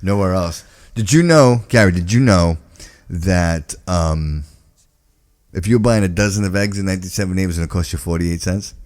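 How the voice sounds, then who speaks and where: Live-show host, male, low voice, friendly and jokey banter. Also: normal speed, darkish tone. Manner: upbeat, jokey, calls people brother. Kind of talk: casual live-stream chat.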